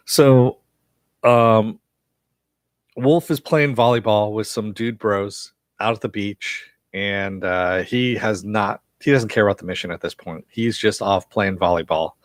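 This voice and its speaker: A man's voice: fairly low pitch, slow, long pauses, dry recording, clean studio sound. A man recapping a TV episode on a live stream, rambling with lots of fillers and chuckles. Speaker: TV show reviewer.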